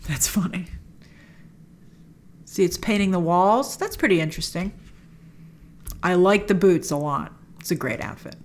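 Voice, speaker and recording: A woman hosting a film trailer reaction, chatting in a casual, opinionated way with quick asides and quoted voices. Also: lowish voice, darkish tone.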